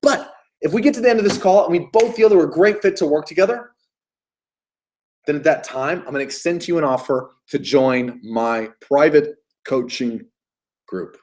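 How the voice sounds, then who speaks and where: A man's voice: a little high, moderate pace, a little mellow. A man giving a motivational sales coaching talk, emphatic and hyped, repeating key phrases and swearing freely. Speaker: business coach.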